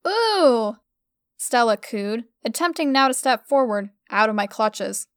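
Smooth-voiced woman reading a story. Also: a little high, moderate pace, no echo, clean studio sound. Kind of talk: first-person story reading.

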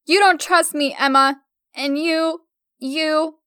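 A woman's voice: expressive, moderate pace, fairly bright tone, clean tone, no echo, studio quality. A woman voicing a bratty, dramatic young woman who whines and shrieks. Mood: shrill. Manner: whiny and shrill.

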